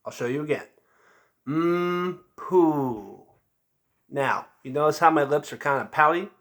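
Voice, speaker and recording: A man's voice: a little high, fast talker, bright, forceful tone. A man teaching a beginner band lesson, patiently walking through each step and checking in with frequent "okay?". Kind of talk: instrument lesson demonstration.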